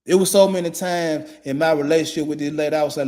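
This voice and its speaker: A man's voice: a little high, fairly even intonation, quick pace, hardly any pauses, dark tone. A man in his forties delivering a blunt, profane monologue in a repetitive, emphatic way.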